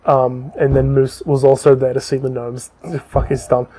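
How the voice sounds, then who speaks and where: A man's voice: mid-range voice, completely flat delivery, moderate pace, mellow, breathy edge. A man co-hosting a casual podcast, loosely retelling a book's plot with lots of ums and swearing. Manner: loose and rambling, frequent ums and profanity. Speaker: podcast co-host.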